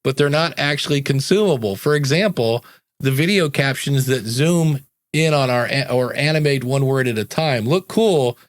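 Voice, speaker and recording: A man's voice: medium pitch, normal speed, no room sound. A man hosting a podcast in casual chat, reading listener comments aloud and riffing on them. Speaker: podcast host.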